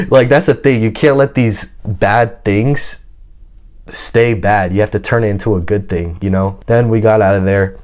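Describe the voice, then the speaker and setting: A man with a fairly low voice tells a personal story in casual, slangy talk. He comes across as boastful and self-assured. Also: moderate pace, darkish tone.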